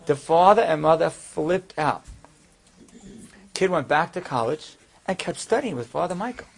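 Animated male storyteller acting out dialogue. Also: normal speed, creaky, long pauses, a little hiss or hum. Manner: voices characters, rises high and loud in dramatic moments.

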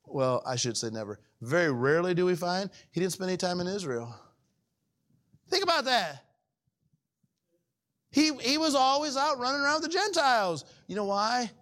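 Male pastor, high-pitched, folksy conversational sermon with many asides to the congregation. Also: big pitch swings, normal speed, long pauses. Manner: conversational preaching with frequent questions to the congregation; wide swings between raised and hushed delivery.

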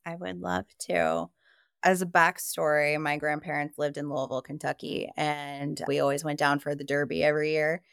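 A woman's voice: sits low, little pitch movement, normal speed, creaky, clear, resonant tone, no room sound, studio quality. A woman from Iowa, a podcast guest, telling her personal story in a candid, emphatic way and swearing freely.

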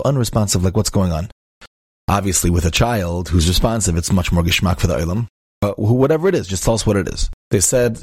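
Rabbi storyteller, male, deep husky voice, dry close sound, acts out the characters' lines. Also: a little mellow, dry recording. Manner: peppers speech with Hebrew and Yiddish words. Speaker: rabbi and inspirational speaker. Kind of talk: storytelling talk.

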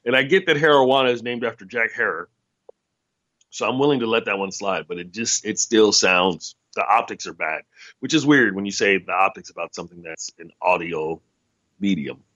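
A man with a bright, forceful voice chatting on his own podcast in a loose, rambling way, full of sarcastic asides. The sound is dry and close, with a slightly dull, lo-fi edge. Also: fairly low pitch, normal speed, no room sound. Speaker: podcast host. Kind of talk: casual solo podcast chat.

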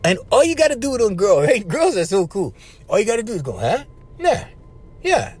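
A man with a Hawaiian Pidgin English accent, hosting a podcast and telling stories in a loose, animated way that is full of laughs. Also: high voice, fast talker, breathy edge. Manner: animated, laughing often, acts out voices, says "right?" after phrases. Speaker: podcast host. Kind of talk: casual storytelling monologue.

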